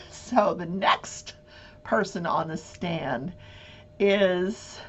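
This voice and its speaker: A woman hosting a talk show, giving casual true-crime commentary in an animated way and acting out voices. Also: on the low side, extremely slow, a little hiss or hum. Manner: animated, acts out voices and swears.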